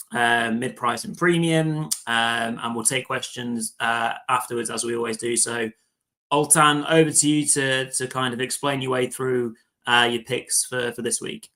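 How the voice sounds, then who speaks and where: A man hosting a live fantasy football show, chatty and relaxed, with lots of fillers and restarts. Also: medium pitch, low-quality recording. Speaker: host.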